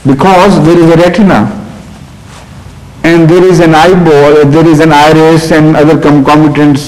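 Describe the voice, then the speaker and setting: A man with a slightly high voice speaks in a long, ringing hall. He answers audience questions slowly, often stopping on "uh" and going back to restart his sentences. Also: flat delivery, a little mellow. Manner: deliberate, with frequent "uh" pauses and restarts. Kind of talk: question-and-answer talk with storytelling. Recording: reverberant hall recording.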